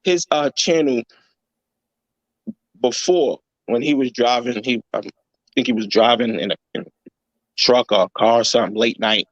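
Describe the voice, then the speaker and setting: A man's voice: mid-range voice, moderate pace, pauses often, no echo, dull audio. A man hosting a casual reaction chat, talking in a blunt, heated way full of swearing. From New York. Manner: blunt, heated, profanity-laced ranting. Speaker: host.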